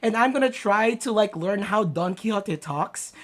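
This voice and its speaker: A woman's voice: medium pitch, animated, normal speed. A woman in her twenties streaming a game, chatting casually and playfully, with lots of fillers and frequent swearing. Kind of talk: casual gaming stream commentary.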